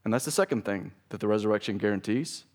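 A man's voice: fairly low pitch, fast talker. A man preaching a sermon to his church, emphatic and pleading, stressing key phrases. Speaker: pastor. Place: church sanctuary.

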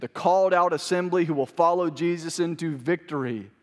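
Preaching man with a high voice in a long-echoing hall. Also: fairly quick, few pauses. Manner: swings between loud proclaiming and quiet conversational asides; repeats phrases for emphasis, asks the congregation questions. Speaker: pastor. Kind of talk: sermon. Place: church sanctuary.

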